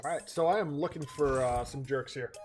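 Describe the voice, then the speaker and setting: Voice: medium pitch, a little fast, darkish tone, faint music behind. A player chatting casually over a game, laid-back with dry one-liners. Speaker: let's play player. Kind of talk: casual gaming chat.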